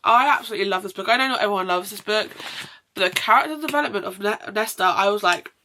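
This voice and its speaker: A woman's voice: medium pitch, fast, pushed and bright, a little hiss or hum. A young woman chatting at home about the books she read, effusive and rambling, often breaking off to apologise. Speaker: book vlogger. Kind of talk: casual chatty book review.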